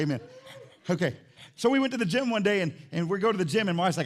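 Preaching with energy and humor, a male pastor swings from rapid side comments to shouted climaxes in his sermon.

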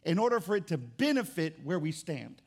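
Man, pastor, high voice, emphatic jokey sermon, exclamations. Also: very animated, fairly quick, creaky.

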